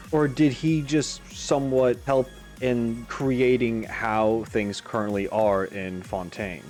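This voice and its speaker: A man hosting a game reaction video, talking in an animated, musing way with frequent asides. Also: mid-range voice. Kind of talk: casual commentary.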